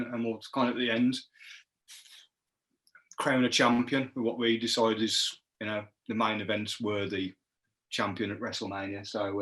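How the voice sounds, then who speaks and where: A man's voice: medium pitch, a bit bright. Laddish man. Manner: laddish, keeps calling his friend mate. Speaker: guest reviewer. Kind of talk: casual chat.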